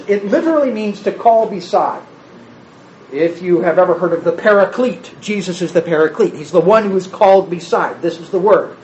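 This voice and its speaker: A man delivers an expository sermon in a lively, animated way, acting out the speech he quotes. His voice carries a roomy echo and sounds slightly muffled, with faint noise underneath. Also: sits high. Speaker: preacher.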